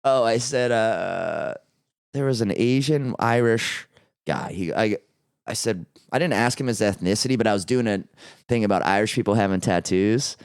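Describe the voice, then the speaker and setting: A man hosting a podcast who tells stand-up stories in a rambling, animated way and swears freely. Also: fairly low pitch, normal speed, clean tone, dry recording, studio quality. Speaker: podcast host and stand-up comic. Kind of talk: casual chat.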